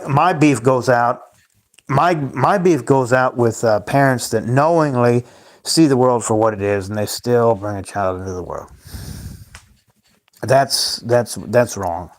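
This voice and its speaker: A man hosting his own livestream, rambling and ranting at his chat, repeating himself and calling the viewers guys. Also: mid-range voice. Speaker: livestream host.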